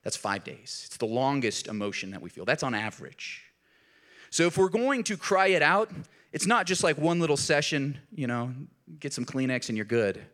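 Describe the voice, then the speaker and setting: A man preaching a sermon in a conversational, earnest way, dropping low and soft at key points and rising when he pleads. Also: very animated, moderate pace. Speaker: pastor.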